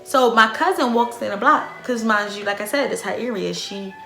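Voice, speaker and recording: A young woman tells a storytime to her camera, dramatic and animated, with plenty of swearing and slang. Her voice sits fairly high and rings bright. The room around her is echoey, with faint music underneath. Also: normal speed, gravelly. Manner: profane, slangy. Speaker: vlogger. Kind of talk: casual storytime.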